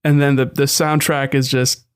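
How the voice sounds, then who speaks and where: A man's voice: mid-range voice, level tone, moderate pace, clean tone. Young adult male podcast co-host, loose rambling delivery full of restarts, mid-range voice. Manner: rambling, many restarts and asides. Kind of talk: casual chat.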